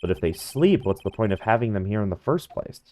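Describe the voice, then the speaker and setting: Brief: man voicing a dry, exasperated lawyer, animated pitch. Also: a little fast, slight background noise. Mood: wry. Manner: dry and sarcastic. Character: wry, easily exasperated young male lawyer. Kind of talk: fan dub of a game.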